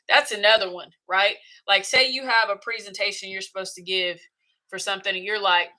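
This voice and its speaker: Bright-voiced chatty woman host. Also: mid-range voice, moderate pace, rough recording. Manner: chatty, emphatic, acts out her inner voice. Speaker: podcast host. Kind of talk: casual talk to camera.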